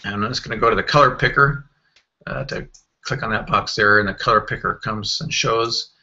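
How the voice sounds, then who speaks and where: A man walking through a software screen tutorial in a casual, think-aloud way, with fillers and self-corrections. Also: lowish voice, brisk, muffled recording. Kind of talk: screen-recorded software walkthrough.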